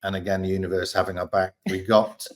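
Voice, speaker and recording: A man with a very low voice and an Australian accent, talking casually as a guest. He tells his stories in a relaxed, candid way and swears now and then. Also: fast talker. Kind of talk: casual storytelling chat.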